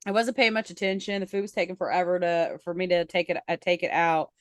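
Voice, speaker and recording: A woman from Illinois who has picked up a Southern twang, casually co-hosting a podcast and telling animated, giggly stories. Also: on the low side, fast, no room sound, studio quality. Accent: Southern US twang over Midwestern. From Illinois, Midwest US. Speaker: podcast co-host. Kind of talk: casual chat.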